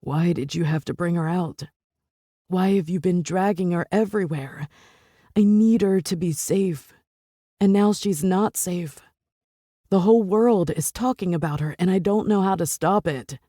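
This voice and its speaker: A woman's voice: unhurried, warm tone, no echo. Woman voicing a furious male boss and father, protective, accusing, dry close sound. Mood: remorseful. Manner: furious accusing, then low remorseful murmur.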